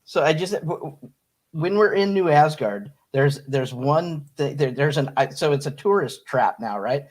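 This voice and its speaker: A man with a fairly high voice chats casually about a film as a co-host. He speaks haltingly, restarting phrases and leaning on fillers as he thinks. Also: animated, darkish tone. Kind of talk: casual review chat.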